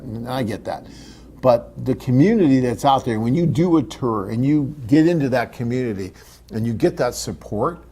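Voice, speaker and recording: The middle-aged host of a dating agency's live web cast chats casually, reads viewer questions, and rambles with fillers and restarts. His voice is mellow and slightly rough, at medium pitch.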